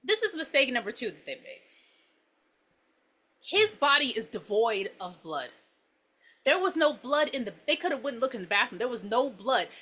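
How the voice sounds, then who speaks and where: A woman's voice: fairly high pitch, very animated, moderate pace, pauses often, a bit bright. A woman co-hosting a podcast who talks casually and gives blunt, opinionated takes with free swearing. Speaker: podcast co-host. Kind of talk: casual movie review chat.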